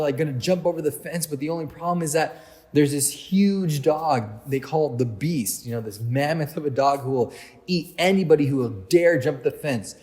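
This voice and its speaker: A man's voice: fairly high pitch, mellow. A man speaking as a youth pastor, giving a sermon to a youth group in a chatty storytelling way, with lots of fillers. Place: church hall. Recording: long hall reverb.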